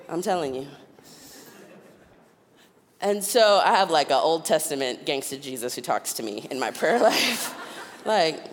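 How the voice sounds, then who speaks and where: A woman preaching a sermon, telling personal stories with animated delivery and frequent laughter. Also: fairly low pitch, moderate pace, pauses often, long reverb tail. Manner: animated, acts out voices in her stories, laughs often. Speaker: guest preacher. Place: church sanctuary.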